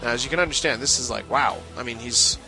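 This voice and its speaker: A man's voice: mid-range voice, fast talker, music in the background, rough recording. A man talking casually on a podcast, rambling with lots of restarts and laughing as he reads a listener's letter aloud. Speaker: podcast co-host.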